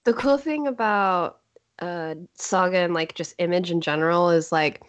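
A woman's voice: fairly low pitch, moderate pace. A woman guest on a podcast, talking casually with lots of fillers and laughter. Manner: rambling, full of fillers, laughs often. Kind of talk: casual roundtable chat.

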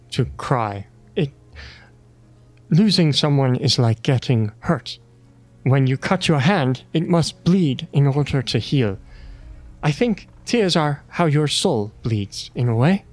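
A game master playing a gentle, earnest wanderer. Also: medium pitch, expressive, no room sound. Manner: slow, soothing, philosophical.

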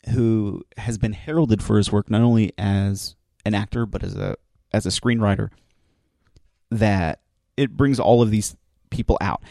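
Mellow-voiced man enthusiastically retelling a story. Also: lowish voice, no echo, clean studio sound. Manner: enthusiastic storyteller, acts out quoted lines; rambling with restarts and asides. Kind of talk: casual recap of a TV episode.

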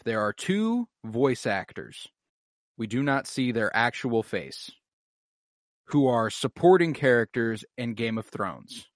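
A man's voice: mid-range voice, no room sound. A man hosting a podcast with an eager, easygoing delivery. His voice sits in a middle register, and the recording is very dry and close to the mic. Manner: enthusiastic, quizzes his co-host. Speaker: podcast host. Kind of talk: casual chat.

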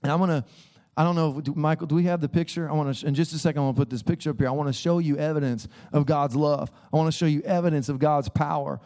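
Man in his 30s, pastor, conversational sermon, a touch high, soft dark tone. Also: steady tone, very fast. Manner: earnest, conversational preaching with frequent "listen". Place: church sanctuary.

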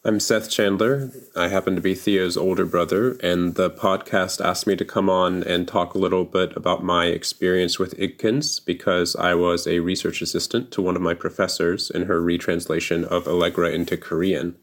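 Casting: deep-voiced man guest, earnest and measured delivery. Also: steady tone. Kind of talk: scripted monologue.

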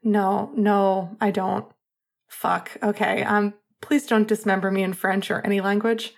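A woman voicing an earnest young man who rambles, softly pleading and blaming himself. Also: mid-range voice, flat delivery, a little slow, gravelly.

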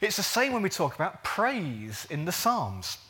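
A man's voice: sits high, wildly swooping pitch, a little slow, pushed and bright. A man preaching a sermon, earnest but jokey, drawing words out for emphasis.

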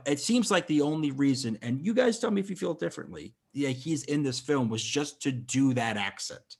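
A man hosts a casual film podcast with a husky, slightly breathy voice. He talks loosely, swears freely and comes out in quick bursts with restarts. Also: fairly high pitch, expressive. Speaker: podcast host. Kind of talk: casual chat about a film.

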